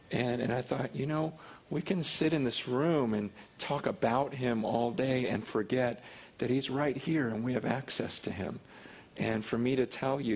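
A man preaching a sermon in a church, reading scripture slowly and then praying earnestly, often repeating words as he gets excited. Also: slightly rough. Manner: earnest, repeats words, rises in pitch and force when excited. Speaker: pastor. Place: church hall with a congregation.

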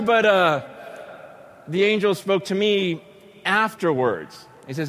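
A man preaching a sermon, telling stories with acted-out voices and sudden shouts. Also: high voice, lively intonation, a little slow, long pauses, slight background noise. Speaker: pastor.

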